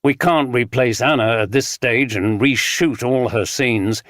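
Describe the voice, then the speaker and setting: A narrator giving voice to a dejected film director in a storybook, earnest and a little bitter. He sits slightly above the reader's normal pitch, in a dry, close recording. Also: unhurried, fairly bright tone, dry recording, natural voice.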